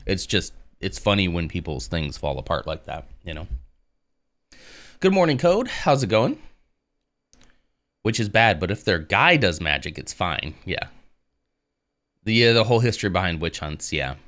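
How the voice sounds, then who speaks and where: Low-voiced man chatting on stream. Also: moderate pace, long pauses. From United States. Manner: relaxed and rambling, reads text aloud and answers chat. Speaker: live streamer. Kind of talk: casual live-stream chat and reading aloud.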